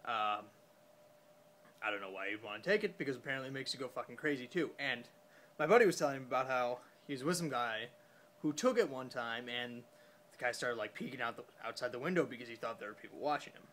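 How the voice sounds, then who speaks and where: A man's voice: medium pitch, animated, a bit bright, a little hiss or hum. Tipsy young man rambling on a phone. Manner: rambling, halting, with many fillers and curses. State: tipsy after a few beers. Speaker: vlogger. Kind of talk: casual storytelling.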